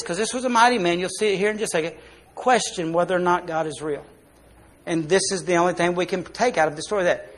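A man preaching a church sermon, swinging between loud, rising appeals and quiet, lowered asides. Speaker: pastor. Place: church sanctuary.

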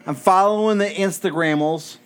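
A man telling a rambling story as a guest in a casual podcast chat. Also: high-pitched. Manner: rambling storyteller, quick bursts.

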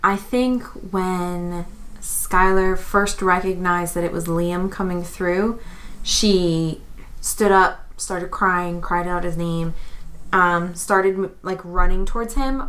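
Player, woman, slightly low voice, chatty, thinking aloud. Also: a bit bright. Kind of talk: casual play commentary.

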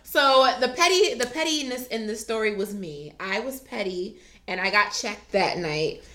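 This female podcast co-host, speaking at a normal speed in a mid-range voice, recounts a story during relaxed chat. She laughs as she animatedly imitates what others said.

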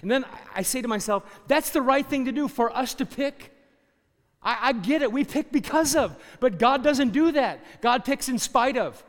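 A middle-aged man preaching a sermon, emphatic and fond of rhetorical questions. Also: extremely high pitch. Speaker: pastor. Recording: long hall reverb.

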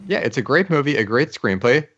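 A man's voice: medium pitch, expressive, a little fast, fairly bright tone, highs cut off, a little hiss or hum. A man on a film podcast panel, chatting casually and making dry, wry remarks. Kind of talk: casual chat.

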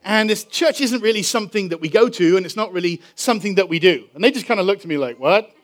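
An English pastor delivers a sermon in a strikingly high voice for a man. He tells his story with animation. He stretches out the important phrases slowly. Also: expressive. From England.

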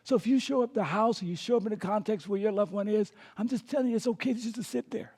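With a high, husky voice and a quick pace, a man delivers a sermon as pastor. He preaches emphatically, whispers key words quietly, and leads listeners to repeat after him.

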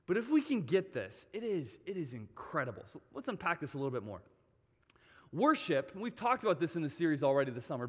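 Male pastor, emphatic storytelling sermon, slightly high voice, reverberant church hall. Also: a bit bright. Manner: storytelling, emphatic with repeated phrases.

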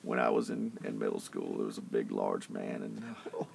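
A man doing a playful impression of a drawling former president, slow and folksy with stammers. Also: a bass voice, wildly swooping pitch, creaky, a little mellow, voice pushed down, full character voice.

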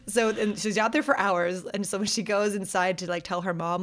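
A woman co-hosting a casual chat, telling a story with lots of laughter and acting out quotes in a high, excited voice. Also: moderate pace, few pauses. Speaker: podcast co-host.

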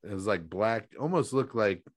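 Sleepy, low-voiced man telling a story. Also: animated, normal speed, dry recording. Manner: sleepy, rambling storyteller who swears casually. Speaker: podcast co-host. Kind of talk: casual chat.

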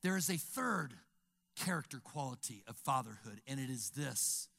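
An older male pastor preaching a sermon, telling stories and acting out dialogue, swinging from whispers to shouts. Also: medium pitch, lively intonation, normal speed, creaky.

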